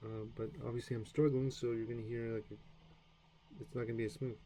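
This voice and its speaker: A man from the United States, streaming his language practice, talks casually through beginner French, sounding out the words aloud. His medium-pitched voice is steady, mellow and a little fast, and he rambles with self-deprecation, many fillers and restarts, on a low-quality recording with slight hiss or hum.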